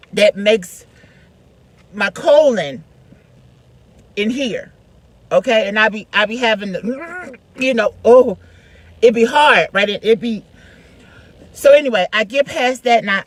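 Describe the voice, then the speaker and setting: A woman vlogger telling a casual story in a chatty, slangy way, swinging between hushed and loud. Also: mid-range voice, lively intonation, unhurried, long pauses, rough recording. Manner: chatty, slangy, lots of "like" and "you know".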